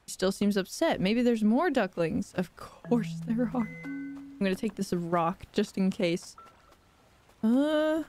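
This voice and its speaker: A young woman live-streaming a game playthrough, playful and giggly, reacting out loud. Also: medium pitch, expressive, slow, over music.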